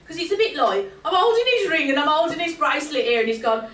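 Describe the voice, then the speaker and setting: A woman's voice: sits high, very animated, fast talker, fairly bright tone, slight background noise. A woman giving a medium's reading to a live audience, chatty and laughing often, checking in with her listener as she goes. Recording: echoey hall from far off.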